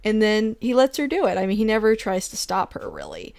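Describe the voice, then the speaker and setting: Chatty woman, casual film discussion, laughs often, acts out quoted lines, middling pitch, dry close sound. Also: huge pitch swings, brisk, vocal fry, darkish tone, no room sound.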